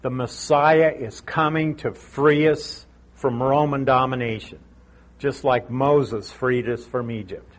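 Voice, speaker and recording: A man's voice: mid-range voice, fairly even intonation, takes it slowly. A middle-aged man teaching through a Bible passage verse by verse, speaking conversationally and repeating key points for emphasis.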